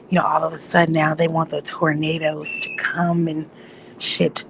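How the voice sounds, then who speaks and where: Woman vlogger, low gravelly voice, casual profane storyteller. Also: completely flat delivery, a little slow, pauses often, a little hiss or hum, rough recording. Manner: profane, rambling storytelling with loud acted outbursts. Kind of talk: casual chat.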